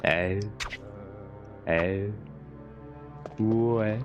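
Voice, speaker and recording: A man's voice: lowish voice, very slow, muffled recording, music in the background. A man streaming a game and chatting casually with viewers, playful, ending nearly every sentence with a questioning "eh?". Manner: playful, chats with viewers while playing. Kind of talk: casual gameplay commentary.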